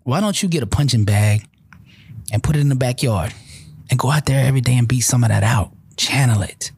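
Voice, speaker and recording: A man, a guest motivational speaker, telling a personal story of faith in an animated, preacher-like way with lots of repetition. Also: medium pitch, fairly quick, creaky, breathy edge, dry recording. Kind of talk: conversational storytelling testimony.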